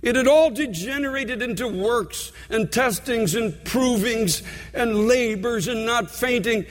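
A man with a high voice delivers a sermon as a pastor, earnest and heartfelt, slowing down to press his points through repetition. His voice rings out with a long reverb trailing behind it. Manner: earnest, heartfelt preaching with slow emphatic repetitions.

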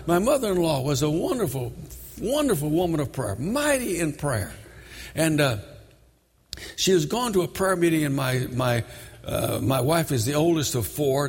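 An older man preaching a sermon, telling the story dramatically and shouting high when he voices its characters. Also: animated, moderate pace, slightly rough. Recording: long reverb of a large hall.

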